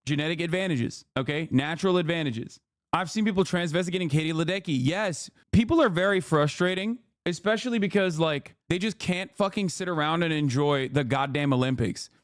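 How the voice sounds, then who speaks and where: A man's voice: fairly high pitch, brisk, dry recording, studio quality. A man ranting on a livestream, profane and exasperated, repeating himself as he builds up. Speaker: streamer. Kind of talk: livestream commentary rant.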